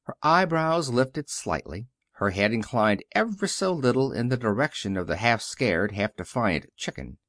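A man narrating a novel in an expressive, flowing storytelling manner. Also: mid-range voice, moderate pace, few pauses, no echo, studio quality. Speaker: audiobook reader. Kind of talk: scripted narration.

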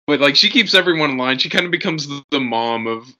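Man with a very bright, sharp voice. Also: fairly high pitch, quick pace. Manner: earnest, animated retelling of scenes. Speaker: podcast co-host. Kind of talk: casual chat.

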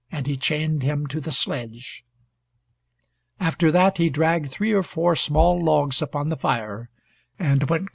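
A man narrates a novel in a steady, measured way. His somewhat high voice has a gravelly, husky grain, and the recording is close and dry. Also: dry recording. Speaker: audiobook narrator. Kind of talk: scripted narration.

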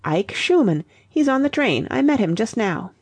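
A woman's voice: fairly high pitch, very animated, normal speed, husky, no echo, pitched above the performer's own voice, exaggerated voice. A woman doing a pompous young theatre manager. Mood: lofty. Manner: lofty, huffy.

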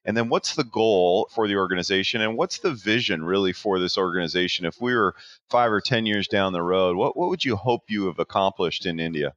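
A man hosting an interview, asking measured questions and affirming his guest. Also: low-pitched, expressive, a bit bright, no echo. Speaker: podcast host. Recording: dull, muffled dry sound.

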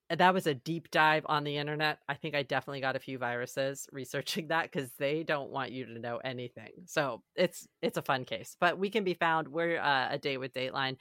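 A woman's voice: extremely low pitch, fairly bright tone, no echo, studio quality. A woman chatting as a podcast guest, talkative and laughing often. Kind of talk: casual chat.

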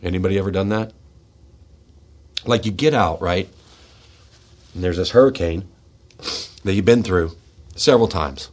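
A middle-aged man hosting a radio show, speaking in a raw, confessional monologue, tearful and shaky, swinging between forceful outbursts and hushed words. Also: sits low, normal speed, pauses often. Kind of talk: emotional personal monologue. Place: radio studio.

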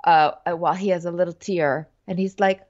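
A woman's voice: lowish voice, steady tone, a little fast, darkish tone. A woman co-hosting a casual comedy recap chat, chatty and quoting people in playful impressions. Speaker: podcast co-host. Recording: dull lo-fi audio.

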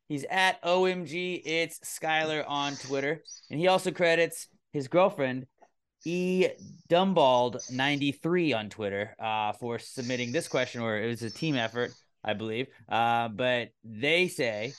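A man hosts a casual comedy podcast in a loose, rambling way, cursing offhandedly. His voice is smooth and clear at an ordinary middle pitch. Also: measured pace. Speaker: podcast host.

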